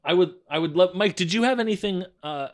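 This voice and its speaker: A man's voice: high-pitched, fairly quick. Wry male podcast co-host. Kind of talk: casual chat.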